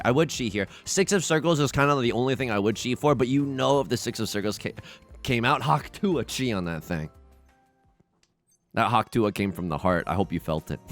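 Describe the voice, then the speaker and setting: A young man gives live commentary on his own game in a casual, self-deprecating way. His pitch leaps around as he jumps from quiet mumbling to sudden loud outbursts. Faint music plays behind him. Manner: self-mocking, excitable, swings between mumbling and loud outbursts. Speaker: gaming YouTuber. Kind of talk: live commentary while playing.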